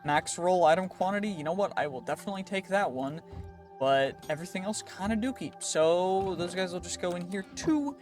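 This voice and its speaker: A man hosting a gaming channel, casually commenting on his gameplay in a chatty, excitable way, talking through each move and often restarting his sentences. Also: high-pitched, brisk. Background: background music.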